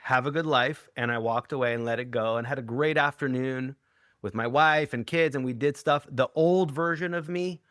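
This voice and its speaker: A middle-aged man talks earnestly about his ideas as an interview guest, pausing to reflect. His voice sits at an ordinary pitch. The recording is close and dry, with no room echo. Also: fairly bright tone. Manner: earnest, reflective, acts out quoted lines. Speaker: guest, hypnotherapist and author. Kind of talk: conversational interview.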